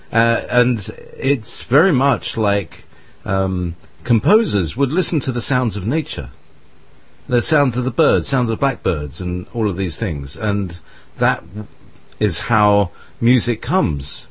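A man's voice: on the low side, breathy edge. A British man talking in a rambling, hesitant way, with many restarts and fillers. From Britain. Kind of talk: casual conversation.

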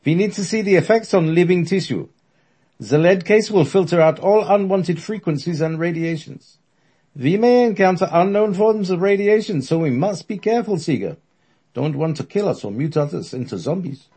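A maniacal male scientist with a thick German accent, shouting commands up in a strained high register. A man with a husky voice acts him out. He lectures and bellows with wild glee. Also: expressive, normal speed, exaggerated voice. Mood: manic lecturing. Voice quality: loud, barking, maniacal.

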